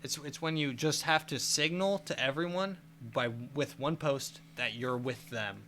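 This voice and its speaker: Tipsy man rambling, bright voice. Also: on the high side, unhurried, slight background noise. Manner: rambling, stumbling restarts. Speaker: podcast host. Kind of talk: casual chat.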